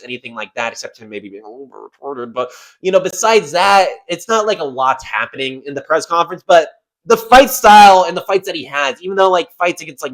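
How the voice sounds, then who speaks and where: Rambling, swearing guy with a higher voice. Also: fairly bright tone, low-quality recording. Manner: rambling, swears a lot, says "man" and "like" often. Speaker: MMA YouTuber. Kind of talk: casual ranking commentary.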